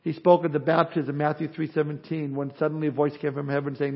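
A male pastor preaching a sermon, swinging from loud emphasis to quiet asides. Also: on the high side, little pitch movement, fast, highs cut off.

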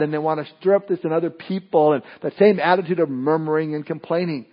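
Male preacher, casual sermon delivery with frequent restarts, slightly high voice, lo-fi capture. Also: fairly even intonation, fast talker. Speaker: pastor.

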